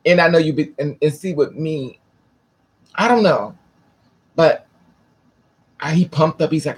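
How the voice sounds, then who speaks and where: Male vlogger, husky and a bit high-pitched, loose profane storyteller. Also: measured pace, pauses often. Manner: rambling, restarts, profane. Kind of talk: casual storytelling to camera.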